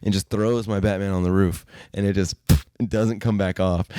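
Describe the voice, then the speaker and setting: A man with a low, mellow voice tells rambling podcast stories in loose, casual talk full of fillers and swearing. His tone is smooth and clear, and he sounds close to the mic in a dry, dead room. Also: fairly even intonation, normal speed, hardly any pauses. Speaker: podcast host. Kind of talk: casual storytelling.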